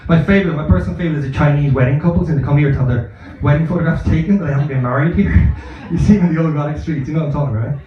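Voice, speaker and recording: In an echoey, dull live recording from a Barcelona comedy club, a slightly high-voiced man races through his stand-up set, full of rambling, foul-mouthed stories at his own expense.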